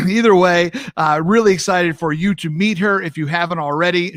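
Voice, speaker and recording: Energetic male host with a fairly high voice, chatty and friendly, close dry mic. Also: no echo. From US East Coast. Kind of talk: live-streamed casual talk show.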